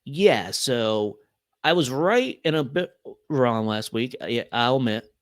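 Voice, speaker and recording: Man, young adult, rambling casual talk, filler-heavy, mid pitch, dry. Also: animated, slow pace, no room sound. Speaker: podcast guest. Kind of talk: casual podcast chat.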